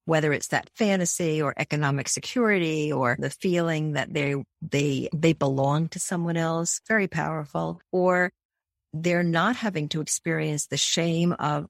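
A woman's voice: low voice, normal speed, gravelly, no room sound, clean studio sound. A woman therapist and author in an interview, telling case stories vividly and acting out the people she quotes. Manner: vivid storyteller who acts out quoted voices.

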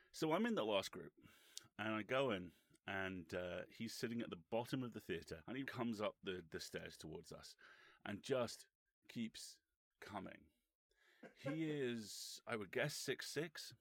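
A man's voice: on the low side, fairly bright tone, dry recording. A man, a podcast co-host, telling a rambling, sweary anecdote with wry humour.

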